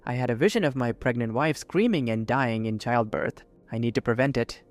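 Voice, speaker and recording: Nervous young male jedi, hurried and stammering, smooth clear tone, faint music, played by a man narrating. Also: mid-range voice, lightly acted. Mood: anxious.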